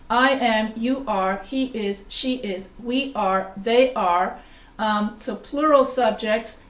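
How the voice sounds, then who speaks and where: Woman instructor, higher voice, classroom grammar lesson, heard from across a roomy space. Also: distant mic. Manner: talks through slides with fillers and self-corrections. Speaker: writing instructor.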